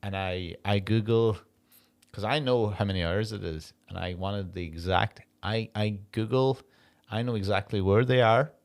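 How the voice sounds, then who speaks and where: An Irish man co-hosting a comedy podcast, telling stories in a sweary, animated rant. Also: lowish voice, normal speed. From Ireland. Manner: animated, ranting, sweary storytelling. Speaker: podcast co-host. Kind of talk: casual comedic film chat.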